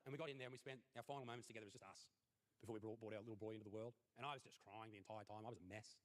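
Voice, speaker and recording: A man's voice: on the low side, steady tone, racing. A man, telling a crude, profane stand-up story and acting out the scenes. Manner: brash, profane, acts out scenes. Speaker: stand-up comedian.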